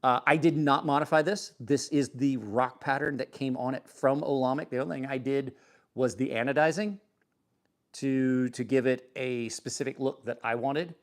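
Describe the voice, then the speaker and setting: A man's voice: mid-range voice, fairly even intonation, moderate pace. Rambling, enthusiastic male knife reviewer. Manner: rambling, enthusiastic, self-deprecating, frequent restarts. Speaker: knife review channel host. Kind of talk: casual product talk to camera.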